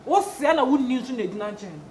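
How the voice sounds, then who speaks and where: A woman in a comedy skit who argues fast and trips over her own words. Her voice sits high and the talk rushes along. The room around her rings with a clear echo. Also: lively intonation, dark tone. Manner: quick, stammering and arguing. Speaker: comedy actor. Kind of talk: Ghanaian comedy skit acting. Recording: echoey room with faint background noise.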